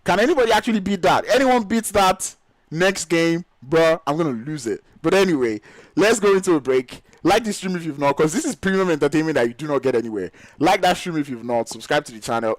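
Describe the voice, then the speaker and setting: High-voiced guy casting esports live, yoruba native, super hyped gushing play-by-play, dry close sound. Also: no echo, poor audio. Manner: excitable, exclamatory, gushing. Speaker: esports caster.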